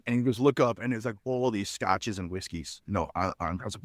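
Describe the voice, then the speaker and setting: A man's voice: moderate pace, dry recording, studio quality. A middle-aged man, a podcast guest, telling stories in a casual interview and acting out the people he quotes, with a lot of "you know" in his speech. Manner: animated storyteller, acts out quoted dialogue with jumps in pitch; lots of "you know" fillers. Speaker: podcast guest, spirits company founder.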